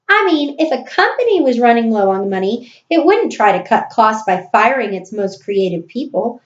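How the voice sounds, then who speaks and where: A woman voicing an impatient, fed-up wife who rants scornfully. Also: fairly high pitch. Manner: ranting, scornful, emphatic. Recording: roomy, dull recording.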